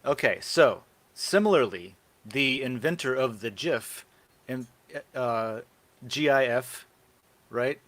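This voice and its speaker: A man's voice: mid-range voice, lively intonation, takes it slowly, a bit bright. A man hosting a casual live show, rambling and brainstorming ideas aloud with plenty of fillers. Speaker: podcast host. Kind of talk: casual live-stream chat.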